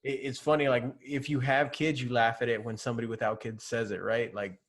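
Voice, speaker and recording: A man's voice: mid-range voice, fairly even intonation, brisk. A young man hosting a casual podcast interview, talking in a laid-back way with lots of fillers and laughing through his stories. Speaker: podcast host.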